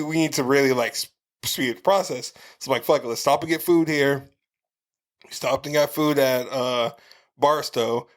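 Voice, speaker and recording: Podcast co-host, man in his thirties, slightly higher voice, swears freely, lively storyteller. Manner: profane, storytelling, animated retelling. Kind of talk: casual chat.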